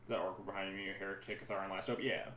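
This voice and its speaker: A man's voice: low voice, steady tone, very fast, vocal fry, pushed and bright, echoey room, slight background noise. A man streaming a card game from home, giving casual, rambling commentary that keeps breaking off mid-sentence. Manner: chatty, rambling, self-interrupting. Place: room at home.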